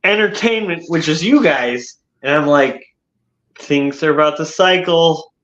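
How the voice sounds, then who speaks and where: A man's voice: a little high, measured pace, a bit bright. Tipsy rambling man on a dull line. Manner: rambling, trailing off, loses his thread. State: tipsy from drinking. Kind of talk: casual group chat.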